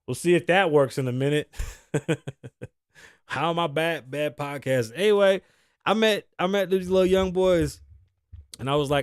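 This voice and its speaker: A man's voice: on the high side, unhurried, long pauses, clear, resonant tone, no echo, clean studio sound. A man in his thirties from the United States, hosting a podcast with a brash, profane, opinionated solo rant. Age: 30s. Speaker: podcast host.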